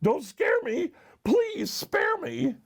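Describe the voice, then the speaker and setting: A man's voice: sing-song, takes it slowly, vocal fry, darkish tone, heavily acted. A man voicing a big, sorry male elephant who frets and squeals in a storybook reading. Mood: terrified. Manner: high squealing cries.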